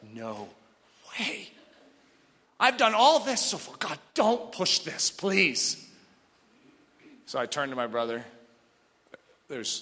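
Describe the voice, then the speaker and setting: A man preaching a sermon through a personal story, swinging between hushed, tearful passages and loud outbursts. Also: a little high. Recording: long hall reverb.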